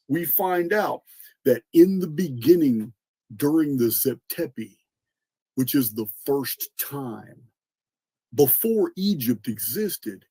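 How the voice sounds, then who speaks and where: Podcast host, male, mellow husky lecturer, earnest, dry close sound, slight cough. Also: mid-range voice, lively intonation, slow pace, dry recording. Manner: earnest explainer, repeats and restarts words, spells out names. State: coughing, clearing throat. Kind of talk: lecturing monologue.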